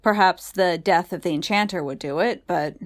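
Gruff, rough-voiced man in a storybook reading, curt and impatient, terse and low-toned, as a woman reads him. He comes across as weighed down and brusque. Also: normal speed, close to an everyday voice. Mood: grave. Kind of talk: audiobook reading.

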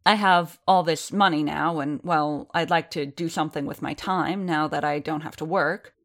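An eager young gentleman with an endlessly cheerful heart, as a woman reading an audiobook puts him on. He talks in hesitant, hopeful bursts, pausing and restarting as ideas spill out, in a low voice that lifts when he gets keen. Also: steady tone. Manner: hesitant and hopeful, words tumbling out. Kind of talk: audiobook character voice.

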